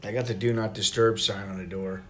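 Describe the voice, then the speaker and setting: A man's voice: on the low side, a little fast, a little hiss or hum. A middle-aged American man talking casually in a travel vlog, rambling and profane as he tells stories. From United States. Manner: rambling, profane, animated storytelling. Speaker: travel vlogger.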